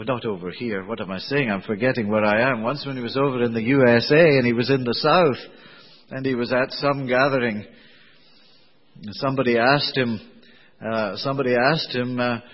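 A man preaching a sermon in a conversational, digressive way, with a slightly husky voice. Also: mid-range voice, a little fast. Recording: dull lo-fi recording in a reverberant hall.

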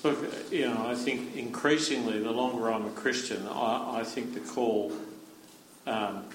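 Australian man, panel guest, frank, self-deprecating, halting, roomy echo. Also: mid-range voice, steady tone, a little hiss or hum. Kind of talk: panel discussion.

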